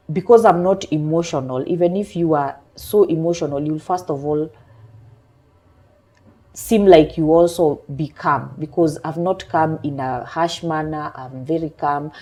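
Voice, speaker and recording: A woman sits as a coach on a talk show, her voice low and mellow, with a husky grain. She explains at a measured, calm pace and talks through everyday examples. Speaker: emotional intelligence coach.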